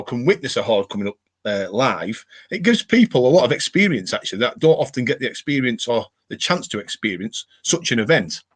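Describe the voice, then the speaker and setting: Speaking in a medium-pitched, fairly bright voice, this northern English host reads viewer comments aloud during a casual live stream. His chat rambles and is packed with fillers.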